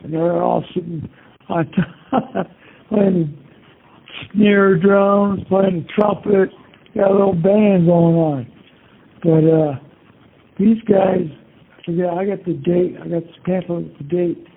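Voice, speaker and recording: An older man with a gravelly, husky voice pitched a touch high, rambling through old memories in a loose, meandering way. He keeps dropping "you know" and curse words as he goes. The sound comes through a thin, tinny phone line from a prison call. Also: steady tone, slow, long pauses. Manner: meandering, peppers talk with "you know" and cursing. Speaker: interviewee. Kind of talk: casual rambling recollection.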